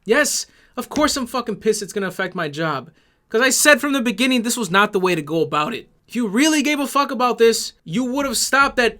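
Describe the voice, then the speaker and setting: A man's voice: sits high, very animated, a little fast, bright, forceful tone. A man delivering an angry, sarcastic YouTube commentary rant, swearing heavily.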